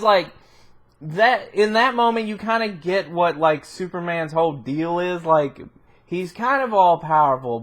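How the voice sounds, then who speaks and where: Rambling man with a slightly high voice, casual film-review vlog delivery, lots of fillers and laughs. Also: fairly bright tone. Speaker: movie reviewer.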